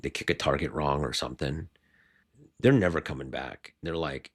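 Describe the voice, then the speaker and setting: A man with a very deep, low voice coaches other school owners on growing their business. He talks in an animated, rambling way and often breaks off to restart a sentence. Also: normal speed. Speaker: martial arts school owner.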